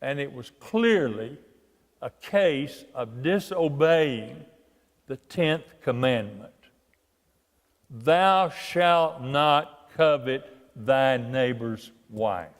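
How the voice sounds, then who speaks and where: Slow, deliberate preacher in a reverberant church. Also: male voice, on the high side. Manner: slow, deliberate storytelling with drawn-out emphasis. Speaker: guest preacher. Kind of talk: sermon. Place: church sanctuary.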